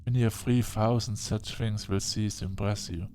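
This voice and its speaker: Old vampire mentor guy, calm and dry, kinda low voice, man doing it. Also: slight background noise, close to an everyday voice. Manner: measured, dryly encouraging.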